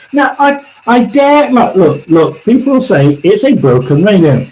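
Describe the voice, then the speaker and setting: A man's voice: high voice, sing-song, slow, pauses often, slight background noise, low-quality recording. A man from England hosting a live tarot and spirit reading, musing aloud, talking to spirits and viewers, and laughing often. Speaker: psychic medium livestream host.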